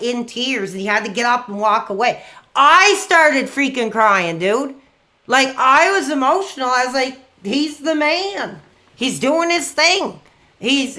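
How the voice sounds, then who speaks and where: A man in his forties chatting casually on a live stream while gaming, excitable and rambling, quick to get worked up. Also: extremely high pitch.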